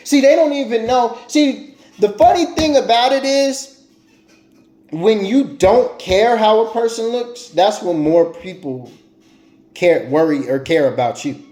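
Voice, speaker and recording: Preachy high-voiced man in an echoey room. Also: warm tone. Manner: repetitive, preachy, stammering restarts. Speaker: vlogger. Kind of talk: casual monologue to viewers.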